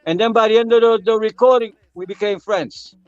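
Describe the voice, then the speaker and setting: High-voiced man telling a story. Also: fairly quick, smooth, no room sound, dull audio. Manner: animated, acts out quotes of others. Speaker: guest musician. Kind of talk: casual storytelling.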